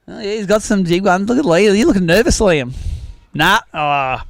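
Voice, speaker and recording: High-voiced Australian man hosting a weigh-in. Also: expressive, unhurried, vocal fry, no echo. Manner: joking, chatty, teasing anglers. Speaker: tournament host. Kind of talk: live weigh-in commentary.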